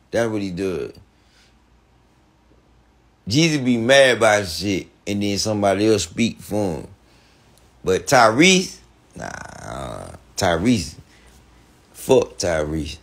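A man telling a heated, profane story on a podcast, repeating himself and breaking into animated outbursts. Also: mid-range voice, gravelly. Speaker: podcast guest.

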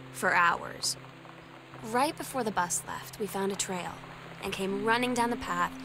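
A woman voicing a teenage girl who confides in her older sister in a narrated game audio diary, quiet and hesitant. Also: medium pitch, gravelly. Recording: game audio over music.

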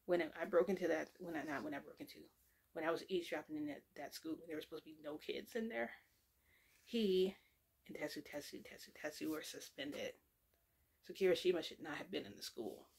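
Telling a long story in a casual, meandering way, this woman has a fairly low, sing-song voice that's creaky, darkish and breathy, and she speaks fairly quickly. She keeps wandering into asides, using fillers and correcting herself.

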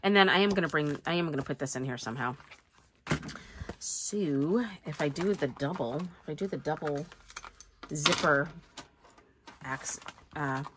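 A woman's voice: low-pitched, normal speed, pauses often, noisy background. A woman vlogger chatting casually and thinking aloud as she sets up a planner, joking about herself as she goes. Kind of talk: rambling casual chat while crafting.

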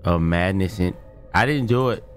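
A man hosting a gaming video, giving casual, slangy let's-play commentary and yelling in fright. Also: sits low, moderate pace, soft background music. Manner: excitable, yells in fright, slangy.

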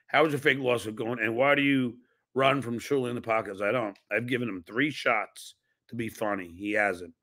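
Pushed and bright, this man's voice sits in the mid range. As a podcast host chatting casually on a live stream, he reads out viewer donations and fires off blunt, profane comebacks.

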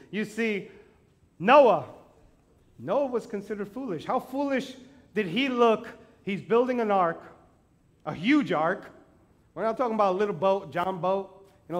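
High-voiced male pastor preaching animatedly. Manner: animated, self-deprecating humor, acts out quotes; builds to emphatic repeated declarations. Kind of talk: sermon.

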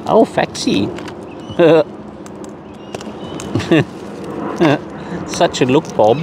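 A man's voice: mid-range voice, animated, slow pace, gravelly, pauses often. A man talking playfully to wild cockatoos outdoors, in a teasing baby-talk way. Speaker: bird feeder vlogger. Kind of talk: casual chat to wild birds. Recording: noisy outdoor recording. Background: birds and outdoor noise.

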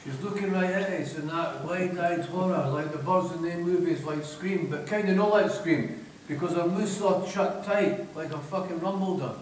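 A man's voice: high voice, normal speed, hardly any pauses, far from the mic, slight background noise. Scottish man reading aloud in an echoey theatre. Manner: broad, swearing, wry storytelling in dialect. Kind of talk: live reading of crude comic first-person fiction. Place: theatre stage.

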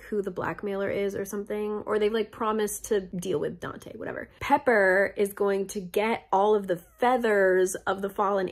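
A young woman with a slightly hoarse, mid-pitched voice, rattling through a book recap in a chatty, sarcastic tone. She swears now and then and sounds like she is talking to friends. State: voice going hoarse. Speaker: book reviewer.

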